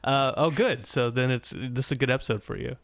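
Male podcast host, casual and rambling, average pitch, dry close recording. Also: fairly even intonation, a little fast, creaky, no room sound. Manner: rambling, many restarts and fillers. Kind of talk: casual episode recap.

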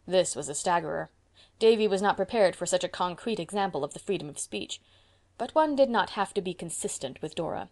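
This audiobook narrator, a woman with a lowish voice, reads aloud from a classic novel. Her scripted storybook delivery is both measured and expressive.

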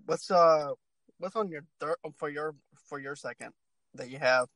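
A speaker chatting casually about movies, relaxed and agreeable, often laughing along. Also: medium pitch, moderate pace, no echo.

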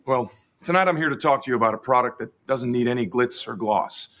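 An actor playing a smug, deadpan TV spokesman in a spoof ad, speaking with a smooth, confident pitch. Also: fairly quick, lightly acted. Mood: deadpan salesy. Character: smug male ham-selling TV pitchman, deadpan. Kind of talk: comedy sketch ad read. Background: music under the ad.

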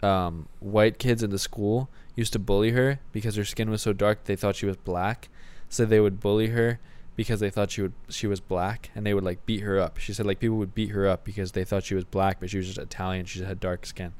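A young man co-hosting a comedy podcast, delivering sarcastic rants in a deadpan manner with occasional swearing. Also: lowish voice, fairly quick, few pauses, clean tone. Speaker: podcast co-host. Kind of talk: satirical comedy podcast banter.

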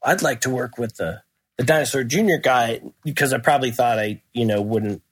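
Male guest, mid pitch, loose rambling storyteller, laughs a lot, casual cursing. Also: brisk, slightly rough, dry recording. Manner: rambling, laughs while telling anecdotes, swears. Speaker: guest musician. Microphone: remote call.

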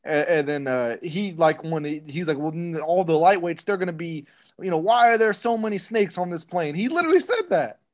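Young man, higher voice, sarcastic, animated casual chat. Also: brisk. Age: young adult. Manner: animated, sarcastic, restarts often. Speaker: podcast co-host.

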